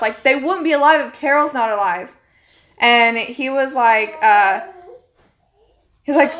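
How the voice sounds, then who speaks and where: Indignant young woman telling a story. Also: fairly high pitch. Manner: animated, indignant, swears freely. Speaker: streamer. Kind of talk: casual storytelling to a live stream.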